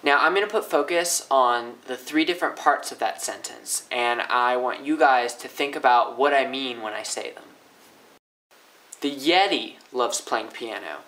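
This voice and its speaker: A young man teaching linguistics in a casual, upbeat way, often swinging his pitch up and down to demonstrate. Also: normal speed, hardly any pauses, bright, forceful tone, rough recording. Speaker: language teacher. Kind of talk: casual educational explainer.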